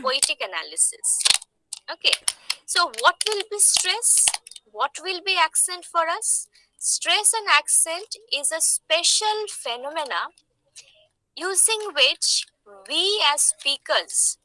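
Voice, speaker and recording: Slow, bright-voiced woman teacher. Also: high voice, dry recording, low-quality recording. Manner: explanatory, asks the class questions, coughs often. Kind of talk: online lecture.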